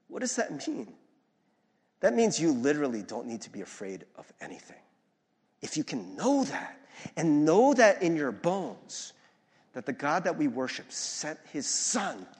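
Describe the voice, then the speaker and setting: A man preaching a sermon as pastor, lively and conversational, often asking the audience to follow along. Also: on the high side, breathy edge. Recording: long reverb of a large hall.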